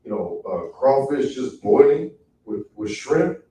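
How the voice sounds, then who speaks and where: A man's voice: medium pitch, very animated, unhurried, dark tone, a little hiss or hum. A man student politely asking the teacher for permission to speak, hesitant and repeating words. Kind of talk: classroom comment. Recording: echoey room, far from the mic.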